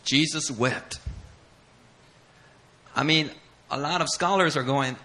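A male pastor preaching with a bright, sharp, ringing voice. He speaks higher than most men and drives his points home with repetition. His delivery swells with fervor as he builds. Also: slow, pauses often. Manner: passionate, emphatic, building intensity with repetition. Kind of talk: sermon.

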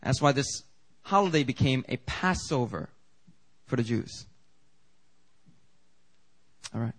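A man preaching a sermon as pastor in a church, animated and conversational, with quick asides to the congregation. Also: mid-range voice, rough recording. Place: church sanctuary.

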